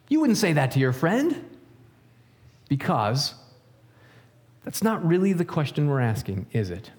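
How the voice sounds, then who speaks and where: A man's voice: a little high, big pitch swings, unhurried, long pauses, darkish tone, long reverb tail. A man preaching a sermon in a chatty way, asking rhetorical questions and acting out little stories. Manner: conversational, asks rhetorical questions; acts out stories in quoted voices. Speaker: pastor.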